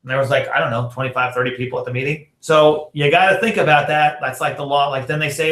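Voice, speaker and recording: A bright, forceful man gives a chatty training talk to a room of sales reps. His voice sits a little higher than most men's. He acts out text message exchanges and fills his talk with "you know" and "like", and the sound carries an echo from the room. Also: fast, hardly any pauses. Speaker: network marketing trainer.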